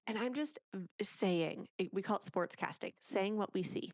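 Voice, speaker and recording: Animated woman on a dry mic. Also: medium pitch, moderate pace, dry recording. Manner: animated, acts out parent and child lines in quotes. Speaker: guest, parenting author. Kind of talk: casual interview talk.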